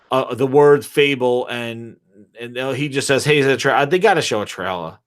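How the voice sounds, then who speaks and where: A man hosting a gaming podcast in a casual solo rant, rambling and swearing freely. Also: medium pitch. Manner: profane, rambling, animated. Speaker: podcast host.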